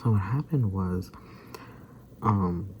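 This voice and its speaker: A man's voice: sits low, slow pace, darkish tone, lo-fi sound, a little hiss or hum. A man in his twenties chatting casually in a rambling vlog, chuckling often as he retells things. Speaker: vlogger.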